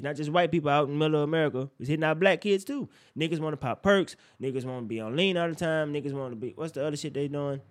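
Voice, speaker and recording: A young man co-hosting a casual chat, animated and profane with loud outbursts, sounding tired. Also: fairly high pitch. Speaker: podcast co-host.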